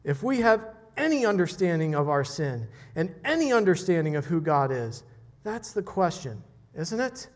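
A man doing a fiery, yelling old preacher. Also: sits high, expressive, takes it slowly, pauses often. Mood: indignant. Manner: yelling, rising indignation. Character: fiery older male preacher, stern and indignant.

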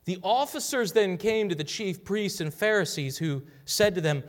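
A man's voice: high voice, expressive, moderate pace. A man preaching a sermon, emphatic, repeating phrases for weight and sometimes dropping to a whisper. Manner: emphatic, drops to a whisper for quoted words; repeats and restarts phrases while building emphasis. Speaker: pastor. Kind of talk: expository sermon.

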